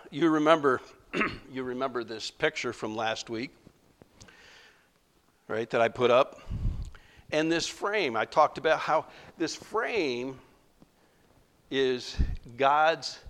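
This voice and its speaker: A male pastor delivers a conversational, emotional sermon in a medium-pitched, somewhat bright voice, speaking slowly with long pauses. He laughs often and keeps saying "you know" and other fillers.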